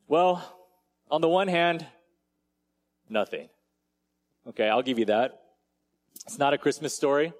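Man preaching in easy conversational way. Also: fairly high pitch. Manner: casual storytelling with asides like "right?". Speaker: pastor. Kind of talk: conversational sermon.

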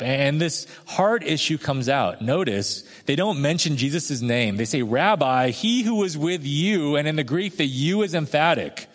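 A man preaching a sermon in a conversational way, acting out quoted voices and slowing down for emphasis. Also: medium pitch. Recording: long hall reverb.

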